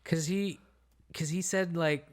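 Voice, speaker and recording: A man's voice: fairly high pitch, steady tone, slow pace. A man co-hosting a podcast in casual chat, bantering with lots of swearing and laughter. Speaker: podcast co-host.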